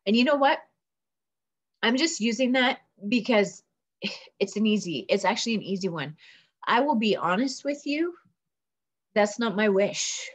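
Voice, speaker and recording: A woman's voice: fairly high pitch, lively intonation, unhurried, pauses often, husky. A woman giving a motivational coaching talk on a video call, earnest and rambling with many fillers. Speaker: team leader coaching on a business call. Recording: dull lo-fi call audio.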